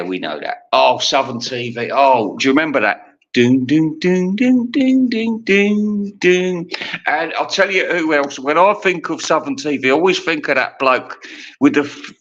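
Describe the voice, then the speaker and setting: Fifties man, sweary rambling rant, sharp raised voice, muffled lo-fi sound. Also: mid-range voice. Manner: profane, ranting, laughs at own jokes. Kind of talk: rambling monologue. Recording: dull lo-fi recording.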